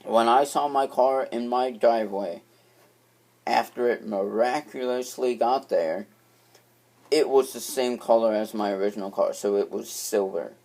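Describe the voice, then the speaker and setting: Low-voiced young man rambling through a story. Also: a little mellow. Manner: rambling, with frequent restarts and swearing. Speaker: vlogger. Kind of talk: casual storytelling.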